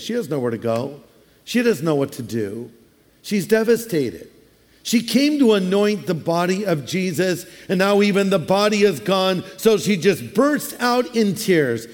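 High-voiced pastor in an echoing hall. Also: male voice, a little mellow. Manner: conversational storytelling with humorous asides. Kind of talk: sermon. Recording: long hall reverb.

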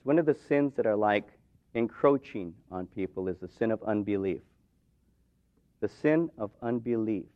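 A man preaching a sermon in a church, retelling scripture with dramatic rises and drops in intensity. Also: mid-range voice. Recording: dull lo-fi sound.

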